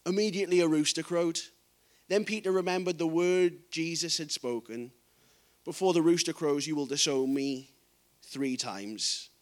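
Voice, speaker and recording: A man delivers a sermon in a noticeably high voice. He reads scripture passages softly, then builds to forceful, emphatic preaching. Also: normal speed.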